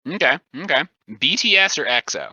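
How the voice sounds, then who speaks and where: A man hosting a casual podcast, quizzing his guest in a deadpan way. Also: on the high side, brisk, husky, dry recording. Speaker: podcast host. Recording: dull lo-fi sound, dry.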